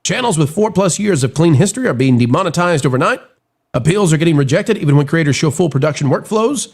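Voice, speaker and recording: A man hosting a live stream, reading and commenting on news in an animated, theatrical way while getting over a cold. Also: on the high side, fast, breathy edge. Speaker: show host.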